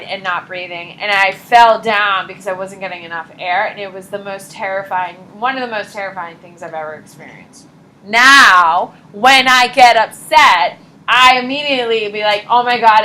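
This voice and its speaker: A young woman teaching high school psychology in a classroom, chatty and animated, often saying "like" and "uh". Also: poor audio. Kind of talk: casual classroom lecture.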